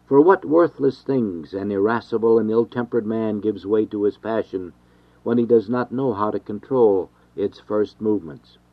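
A man reading an old devotional text aloud in a measured, formal way. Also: on the low side, no room sound. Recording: dry, dull lo-fi recording.

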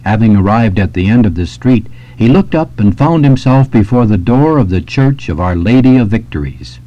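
A man reading a devotional story and exhortation aloud in a measured, solemn way. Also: lowish voice, expressive, mellow. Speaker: reader of devotional texts. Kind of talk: scripted narration. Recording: dull lo-fi recording.

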